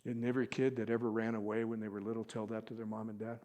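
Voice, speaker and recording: A man preaching a sermon as pastor, swinging from loud emphatic appeals to quiet asides and acting out quoted speech with feeling. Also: lowish voice, level tone, quick pace.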